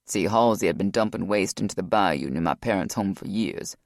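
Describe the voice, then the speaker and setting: A man voicing a grieving former Navy SEAL, deep and gravelly, telling his past in a low, weary way. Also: fairly quick, no room sound, studio quality. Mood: guarded, weary.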